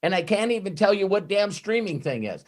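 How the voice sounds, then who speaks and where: A man in an unscripted motivational talk, his voice bouncing up and down in pitch and sitting slightly high for a man. He rambles, curses freely, and keeps cutting himself off to start again. He sounds like a trainer talking straight to his people. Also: brisk. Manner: rambling and animated, swears freely; frequent restarts and self-interruptions.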